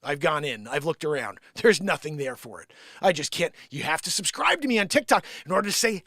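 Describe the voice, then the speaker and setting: A man hosting an improvised comedy live stream, cracking jokes and lurching between loud outbursts and hushed whispers. His voice sits high and bounces around a lot. The sound is dry and close. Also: very animated, brisk, no echo. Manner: jokey, swings between shouting and whispering.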